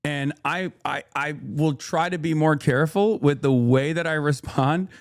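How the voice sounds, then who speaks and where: A man's voice: a little high, unhurried, dry recording, clean studio sound. A man hosting a livestream in casual commentary, talking bluntly with plenty of swearing, thinking aloud and arguing back at his chat. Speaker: livestream host.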